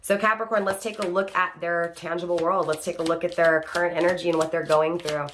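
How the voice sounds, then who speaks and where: A woman's voice: lowish voice, little pitch movement, fairly quick, a bit bright, a little hiss or hum. A woman giving an online tarot reading, speaking to the viewer by star sign and tagging "right?" onto her points as she restates them. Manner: repeats "right?" and rephrases each point. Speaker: tarot reader.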